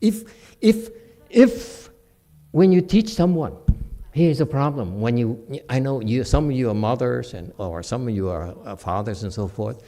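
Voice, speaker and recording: A middle-aged man giving a dharma talk with questions and answers, animated, laughing and acting out quoted voices. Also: medium pitch, measured pace. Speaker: meditation teacher.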